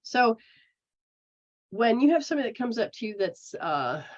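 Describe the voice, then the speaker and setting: A woman giving a casual spiritual teaching talk. She acts out people's inner voices in a lively way. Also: a little high, moderate pace. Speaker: metaphysical practitioner. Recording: dull lo-fi recording.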